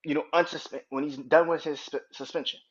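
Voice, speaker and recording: A man's voice: on the high side, steady tone, fairly quick, slightly rough. A man hosting a solo sports podcast, ranting in a heated, profane, emphatic way. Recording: dull lo-fi recording.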